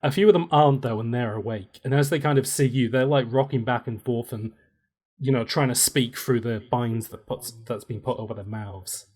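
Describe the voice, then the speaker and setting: A man's voice: mid-range voice, normal speed, darkish tone. A man running a tabletop game for a player, describing the scene in a loose, playful way. He laughs easily and keeps the story moving. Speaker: game master.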